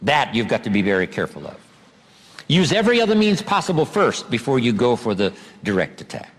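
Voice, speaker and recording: A man giving a motivational seminar lecture, emphatic and drawing out key words slowly. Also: medium pitch, wildly swooping pitch. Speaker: seminar speaker. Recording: long hall reverb.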